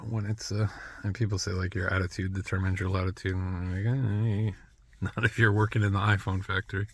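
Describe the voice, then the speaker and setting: Gravelly-voiced man rambling to camera. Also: deep voice, flat delivery, a little fast, pushed and bright, dry recording. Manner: rambling, restarts often, coughs between phrases. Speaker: vlogger. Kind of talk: rambling monologue.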